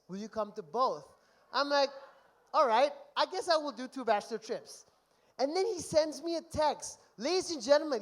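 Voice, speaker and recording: A young man giving a best man speech at a wedding reception, telling stories and reading texts aloud in an animated way. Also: high-pitched. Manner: animated storytelling, mock-reads texts aloud.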